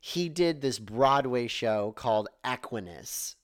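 A man in a relaxed movie chat talks through his thoughts in a meandering, jokey way, leaning on "like" as he goes. His voice sits at an ordinary middle pitch. The recording is dry and close, with no room sound. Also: takes it slowly, no echo. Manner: rambling, jokey, heavy use of "like".

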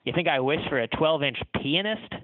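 A man's voice: fairly high pitch, expressive, fairly quick, slight background noise, close to an everyday voice. A man voicing an ashamed, insecure male bartender in a story he reads aloud, speaking in a plain conversational way. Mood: confessional. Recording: tinny phone-like line.

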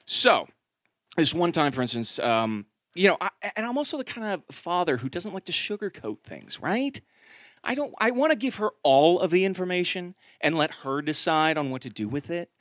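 A man in his thirties performing a stand-up comedy set, telling a story with animated delivery and acted-out quotes. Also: a little high, moderate pace, no room sound, clean studio sound.

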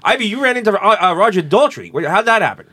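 A talk show host makes wry, blunt remarks in a lively, bright voice that rises and falls a lot. Reactions come quick and plainspoken. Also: medium pitch, no echo, studio quality. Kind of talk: casual talk show chat.

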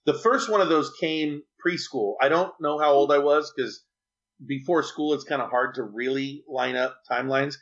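A man's voice: fairly high pitch, steady tone, moderate pace, fairly bright tone, dull audio. A man being interviewed, telling a personal story in an earnest, chatty and rambling way. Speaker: interview guest.

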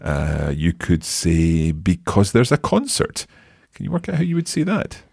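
A man hosting a podcast language lesson, modelling phrases slowly and patiently for a learner. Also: sits low, huge pitch swings, gravelly, darkish tone, husky, no echo, clean studio sound. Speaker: language teacher and host.

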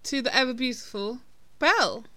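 A woman's voice: sits high, expressive, moderate pace, bright, forceful tone, no echo. A woman co-hosting a casual film-review podcast, talking in a chatty, hesitant way with many ums and restarts. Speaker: podcast co-host.

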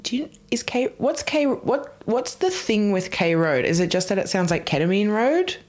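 A woman's voice: mid-range voice, very animated, normal speed, a little mellow. A woman in her thirties, co-hosting a podcast with playful, teasing banter. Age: 30s. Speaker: podcast co-host. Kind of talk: casual chat.

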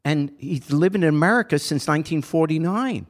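A man's voice: fairly high pitch, brisk. An older man and podcast host telling a personal story in a casual, earnest way that grows impassioned and pleading.

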